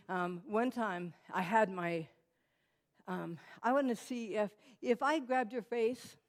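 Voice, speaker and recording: A woman giving a personal testimony to a church audience, telling her story in a conversational way with many fillers and restarts and talking directly to the listeners. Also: mid-range voice. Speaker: guest speaker. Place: church hall.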